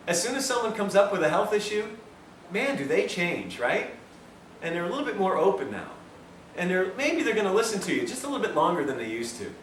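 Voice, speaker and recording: Bright-voiced man telling a story in a lecture. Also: sits high, a little fast. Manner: animated, self-mocking storyteller. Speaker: health lecturer. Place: lecture room with audience. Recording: roomy, distant mic, faint hiss.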